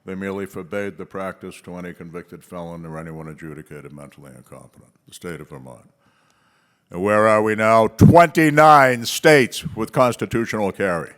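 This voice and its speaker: A man with a fairly low voice speaks from the stage of a policy conference. He tells stories with punchy emphasis, slowing down on key words and pausing between phrases. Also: a bit bright.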